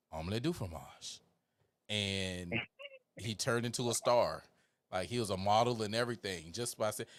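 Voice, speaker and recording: Joking man in casual podcast chat. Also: lowish voice. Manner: playful, joking, agreeable. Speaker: podcast host.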